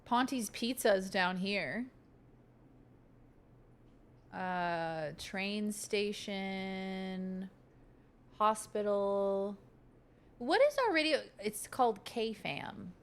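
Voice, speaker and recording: A woman's voice: mid-range voice, drawn-out words, pauses often. A woman streaming a video game, chatting casually and reading the game's text aloud with jokey asides. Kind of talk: casual let's-play chat.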